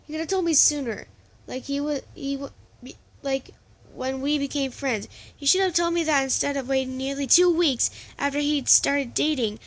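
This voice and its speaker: A woman reading a story aloud, voicing an angry, heartbroken young man who shouts in frustration. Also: high-pitched, pitched above the performer's own voice, close to an everyday voice. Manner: shouting, upset and bitter.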